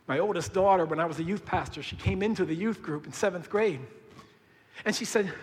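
Animated high-voiced preacher in an echoey hall. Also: male voice, a little fast. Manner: animated and jokey, swinging to hushed intensity. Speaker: pastor. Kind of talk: sermon. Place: church.

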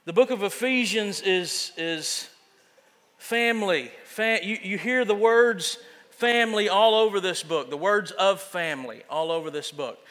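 Man pastor, high and bright, joking and chatty in the pulpit, long reverb of the sanctuary. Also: a little slow. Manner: casual, self-deprecating preaching with frequent restarts. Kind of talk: sermon.

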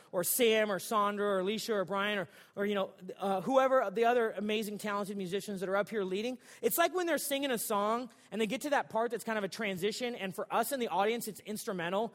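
A man's voice: high-pitched, fairly bright tone, in a large hall. A male pastor preaching a sermon in a church sanctuary, in a casual, joking, conversational way.

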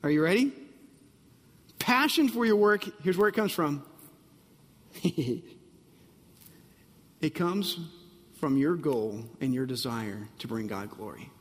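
A man's voice: on the high side, animated, slow pace, long pauses, long reverb tail. A man preaching a sermon, emphatic and repetitive, often asking the congregation if they are ready. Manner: emphatic, repeats phrases, asks the audience if they're ready. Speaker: pastor.

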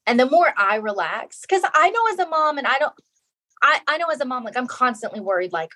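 A woman's voice: high-pitched, animated, a little fast, bright, forceful tone. A middle-aged woman, a guest author in a casual interview, talking earnestly and repeating phrases for emphasis.

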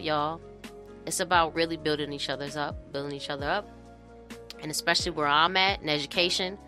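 Bright-voiced woman hosting a podcast. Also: sits low. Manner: warm-hearted, preachy encouragement with fillers. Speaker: podcast host and educator. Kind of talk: casual podcast monologue.

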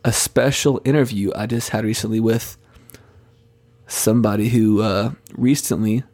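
Flustered male podcast host, husky voice. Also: fairly low pitch, steady tone, moderate pace, darkish tone. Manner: hesitant, many fillers, flustered. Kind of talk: comedic podcast sketch, playing the straight man.

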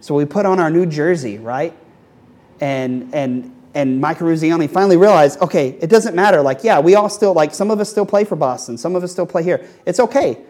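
A young man delivers a casual sermon, weaving a sports movie story into scripture. His voice sits a little high yet sounds mellow and relaxed. He talks loosely, with many fillers and repeated words. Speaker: preacher.

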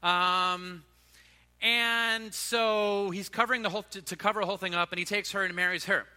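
A man's voice: sits high, fairly even intonation, moderate pace, sharp tone, clear, resonant tone, in a large hall. A man giving a sermon, telling stories in an informal, conversational way. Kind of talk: sermon storytelling.

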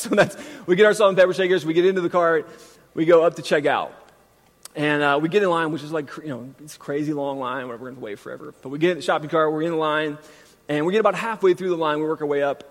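A pastor in his thirties preaching a sermon, moving from scripture into a self-deprecating, animated family story. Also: on the high side. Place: church sanctuary. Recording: long reverb from a large hall.

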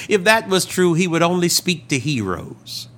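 A man preaching a sermon as a pastor, telling stories with dramatic swings between loud and hushed delivery. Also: sits high, very animated, normal speed. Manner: dramatic storytelling, acts out quoted voices, swings loud and hushed.

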